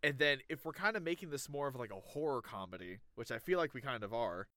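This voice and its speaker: Bright, smooth-voiced man chatting casually. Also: medium pitch, expressive, fast, dry recording, studio quality. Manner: rambling, searches for words, laughs easily. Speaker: podcast co-host. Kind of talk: casual chat.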